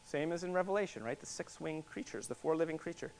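A man preaching a sermon, explaining in a teaching way and repeating words for emphasis, sometimes rising to forceful declarations. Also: a little high, expressive, quick pace, few pauses.

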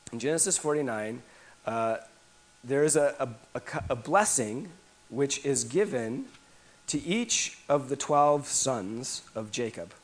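A man preaching a sermon, his voice sitting a little high for a man. He drops to near-hushed lines, then rises to emphatic repetition, often restarting a phrase before pushing on. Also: rough recording. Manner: dramatic swings between hushed and emphatic; repeats phrases, frequent restarts. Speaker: pastor.

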